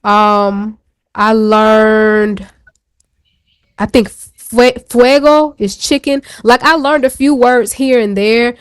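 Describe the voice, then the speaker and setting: A woman's voice: fairly high pitch, steady tone, takes it slowly, smooth, dry recording. A woman co-hosting a talk show, telling a personal story in a candid, chatty way with slang asides. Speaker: show co-host. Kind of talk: casual chat.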